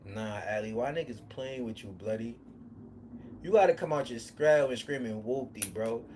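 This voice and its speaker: A young man from Harlem, telling a long street story on a livestream in a rambling, slang-heavy way that swings from low muttering to loud heated bursts. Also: normal speed, a little hiss or hum. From Harlem, New York.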